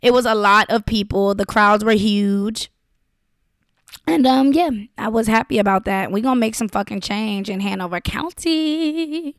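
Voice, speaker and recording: A woman's voice: mid-range voice, a little slow, no room sound, clean studio sound. A young woman talking straight to her viewers, blunt, profane and impassioned. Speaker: vlogger. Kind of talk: casual direct-to-camera talk.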